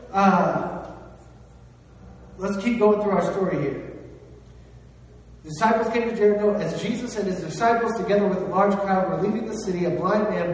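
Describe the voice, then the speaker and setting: A man preaching a sermon in a conversational way, asking his listeners questions and rising in force on key phrases. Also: sits high. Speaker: pastor. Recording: distant mic in a very echoey hall.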